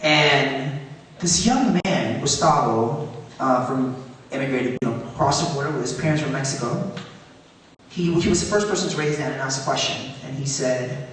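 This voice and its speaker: A man speaking onstage at a public event, earnest and animated, his voice rising on questions. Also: medium pitch, moderate pace, a little hiss or hum. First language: Tagalog. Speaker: guest speaker. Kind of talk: onstage conversation. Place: high school auditorium. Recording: echoey hall from far off.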